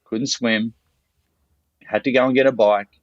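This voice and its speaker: A man's voice: medium pitch, fairly even intonation, unhurried, dry recording. An Australian man, a podcast guest, telling a story in a blunt, salty, loose way. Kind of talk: casual storytelling. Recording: dull lo-fi dry recording.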